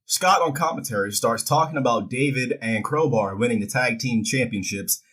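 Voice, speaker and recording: A man's voice: medium pitch, moderate pace, fairly bright tone, poor audio. A man recapping a wrestling show in a casual, irreverent way, joking and swearing freely as he goes.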